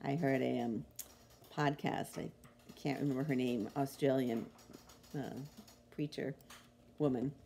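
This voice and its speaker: A woman hosting a devotional, reading Bible verses aloud with short, expressive reflections that swing between emphatic and hushed. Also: very deep voice, a little slow, gravelly, long pauses, a little hiss or hum. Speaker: devotional podcast host.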